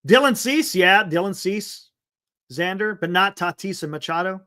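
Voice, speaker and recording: Chatty bright-voiced man hosting a sports stream. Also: high-pitched, animated, moderate pace. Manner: loose and chatty, laughs often, many fillers. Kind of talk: casual live-stream chat reading viewer comments.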